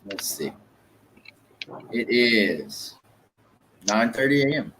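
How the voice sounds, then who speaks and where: A man's voice: mid-range voice, expressive, takes it slowly, pushed and bright, slight background noise. An American man streaming and chatting casually, laid-back and joking, with some swearing. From United States. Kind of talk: casual chat.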